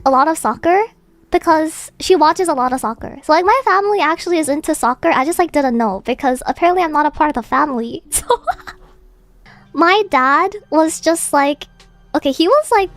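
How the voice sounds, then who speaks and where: A woman's voice: high-pitched, expressive, moderate pace, a bit bright, no echo. A woman streamer in casual chat, telling a rambling, filler-heavy story with frequent giggles.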